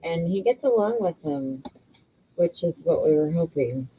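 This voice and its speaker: A middle-aged woman co-hosting a casual live stream, chiming in with short, relaxed remarks. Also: lowish voice, measured pace. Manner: brief, relaxed interjections. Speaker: livestream co-host. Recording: dull lo-fi sound with noise.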